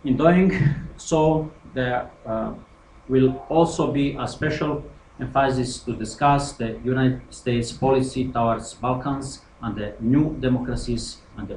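A man hosting a lecture, reading a formal introduction of the guest speaker. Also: medium pitch. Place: lecture hall. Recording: echoey hall with faint noise.

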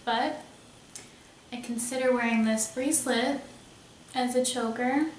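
A woman's voice: fairly high pitch, steady tone, a little slow. A young woman chatting casually and enthusiastically as she shows off clothes and accessories, thinking aloud as she goes. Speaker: beauty vlogger. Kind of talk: casual haul video. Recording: roomy echo, somewhat far from mic, faint hiss.

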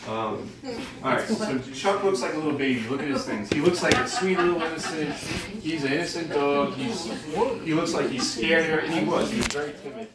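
A man's voice: fairly high pitch, a little fast, distant mic. Profane laughing man telling stories, echoey. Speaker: dog owner telling stories. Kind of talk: casual storytelling tribute. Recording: very echoey, off-mic, crowd behind.

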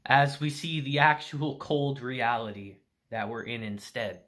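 A man recapping an anime episode in casual review style, animated and emphatic, swearing freely. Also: mid-range voice, measured pace.

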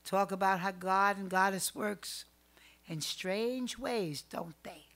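An older woman telling family stories as a podcast guest, animated, swinging between loud outbursts and hushed asides. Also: medium pitch, slow. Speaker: psychic guest. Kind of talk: storytelling in a podcast interview.

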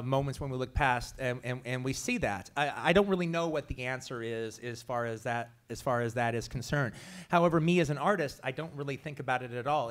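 A man, a writer and filmmaker, answering a question at a press conference, halting with many fillers. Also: medium pitch, fairly bright tone.

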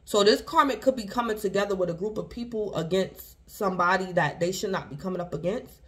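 A woman's voice: mid-range voice, a little fast. A woman giving a casual tarot reading to her viewers, rambling and repeating herself as she speaks to the collective. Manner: rambling and repetitive, addresses the collective; speaks in loose restarts, circling back to one point. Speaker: tarot reader.

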